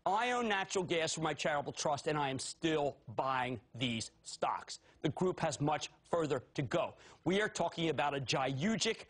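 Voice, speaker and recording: A man in his fifties hosting a TV stock market show, talking loud, manic and theatrical with sudden shouts. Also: on the high side, animated, normal speed, hardly any pauses, slightly rough. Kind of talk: excitable TV stock commentary.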